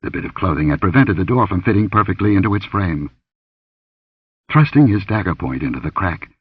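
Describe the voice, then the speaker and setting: A man narrating a fantasy adventure audiobook in a dramatic, expressive reading. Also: deep voice, slightly rough, no echo, distant mic, highs cut off. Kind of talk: scripted narration.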